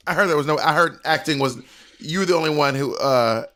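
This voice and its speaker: A man's voice: a little high, pushed and bright. A man with a Southern American accent, co-hosting a casual chat, sassy and teasing. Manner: sassy, teasing, quick asides. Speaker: podcast co-host.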